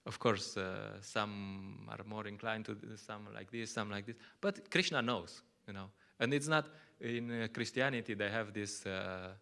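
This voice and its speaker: A man's voice: fairly low pitch, measured pace, vocal fry, few pauses, bright, forceful tone, smooth. A man with Slovenian as his first language giving a conversational scripture class in English, often laughing and acting out little quotes. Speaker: lecturer at a temple.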